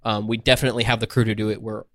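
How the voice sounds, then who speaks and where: A man's voice: on the low side, flat delivery, racing, fairly bright tone, no echo, clean studio sound. A man co-hosting a podcast in casual chat, talking loosely with many "um"s and "like"s. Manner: loose and hesitant, full of "um" and "like". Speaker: podcast co-host.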